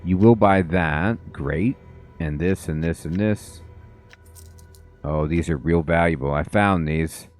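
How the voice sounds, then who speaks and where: A man's voice: low voice, takes it slowly, faint music behind. A man giving casual, offhand commentary while playing a game, with many ums. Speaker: let's play host.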